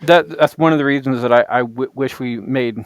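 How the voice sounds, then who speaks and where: Blunt man with a smooth dry voice. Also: mid-range voice, steady tone, a little fast, no echo. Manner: blunt, swears casually. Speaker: podcast host. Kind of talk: casual chat. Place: home basement room.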